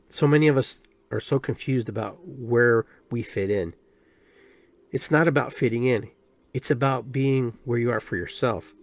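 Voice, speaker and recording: A man hosting a podcast, giving a spiritual self-help talk in an emphatic, animated way. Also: mid-range voice, no echo. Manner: emphatic, animated, acts out quoted voices. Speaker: podcast host and shaman.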